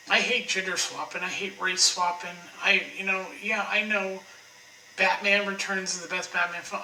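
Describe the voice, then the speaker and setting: A high, very bright-voiced man rants on without a script, blunt and profane, often cutting himself off and starting over. He sits a little back from the mic in an echoey room. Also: far from the mic. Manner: profane, blunt, opinionated, frequent restarts. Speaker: online commentator. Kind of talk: ranting casual monologue.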